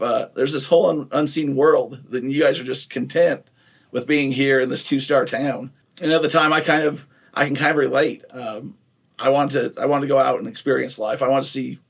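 This podcast co-host, a middle-aged man from Nephi, Utah, has a creaky, mid-range voice. His casual conversation wanders, with frequent fillers and restarts.

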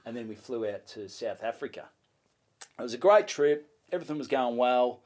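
A young Australian man, a comedian, telling a story in a casual interview. He swears freely and acts out what people said in a louder voice. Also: mid-range voice, normal speed. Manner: animated, swears freely, acts out his own lines in a louder voice. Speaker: comedian guest.

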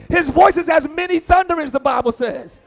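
A man preaching a lively sermon as pastor, acting out voices and shouting lines for emphasis. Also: very high-pitched, vocal fry.

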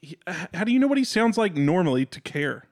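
A man co-hosting a podcast speaks calmly and thoughtfully. His voice sits a little on the higher side, and his delivery stays even and measured. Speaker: podcast co-host. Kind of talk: casual chat.

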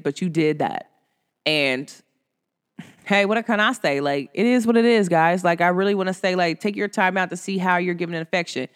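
A woman in her thirties, a host talking casually to her listeners in a lively, animated way, acting out quotes with big jumps in pitch. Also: clean tone, big-room sound. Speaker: podcast host.

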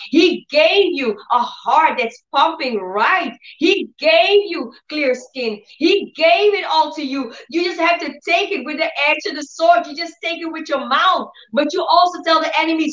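A woman preaching a faith-healing sermon, telling stories with animated acted-out dialogue. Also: sits high, roomy sound, highs cut off. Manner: animated storytelling, acts out dialogue in changed voices.

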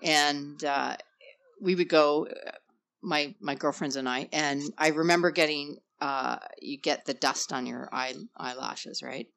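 A woman on a casual podcast chat, recalling memories with many pauses and fillers. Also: low-pitched, steady tone, gravelly, a bit bright. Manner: chatty, hesitant with many fillers. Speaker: podcast co-host.

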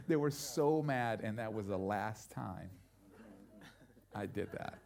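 A middle-aged man preaching, his voice sitting on the higher side for a man. He tells stories and drops to near-quiet before building to loud, emphatic peaks. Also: lively intonation, a little slow. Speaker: pastor. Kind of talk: sermon.

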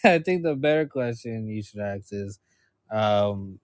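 A young man co-hosting a podcast, speaking in a measured, hesitant way, chuckling and rephrasing as he goes. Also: lowish voice, animated, no room sound. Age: young adult. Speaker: podcast co-host. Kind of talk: casual podcast talk.

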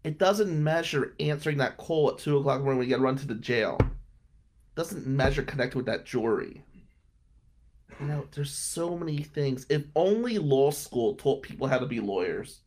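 A man's voice: lively intonation, moderate pace. A man in his thirties from Atlantic City, a trial attorney talking bluntly and with plenty of swearing about his hard early career. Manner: blunt and profane, swings from low and subdued to loud and heated. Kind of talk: candid interview monologue.

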